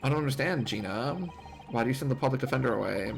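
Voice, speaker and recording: A man voicing a kind, persistent young lawyer who pleads gently. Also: mid-range voice, fast, gravelly, faint music behind, close to an everyday voice. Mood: pleading. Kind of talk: reading game dialogue aloud.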